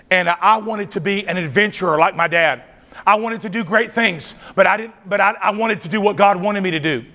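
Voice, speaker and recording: Middle-aged guy preaching to teens, acts out the story, kinda high voice, big echoey church. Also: bright, forceful tone. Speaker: youth speaker. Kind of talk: youth conference sermon. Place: large church hall. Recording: reverberant hall.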